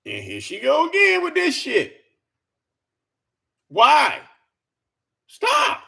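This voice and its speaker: A man's voice: very high voice, huge pitch swings, normal speed, creaky, bright, forceful tone. A man giving an exasperated, profane reaction rant, stammering and repeating himself as he talks. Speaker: commentary vlogger. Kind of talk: ranting reaction commentary.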